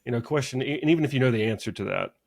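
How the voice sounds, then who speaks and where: A chatty man co-hosting a casual tech podcast. He laughs easily and restarts his sentences as he thinks. His voice sits at an ordinary pitch. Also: animated, racing, creaky. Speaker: podcast co-host. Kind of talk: casual conversation about software.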